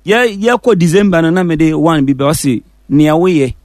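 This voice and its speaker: A man with a Ghanaian accent, a musician guest telling the story of his songs in a relaxed, casual interview. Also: on the high side, normal speed, no echo, studio quality. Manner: relaxed storytelling, mixing English and Fante.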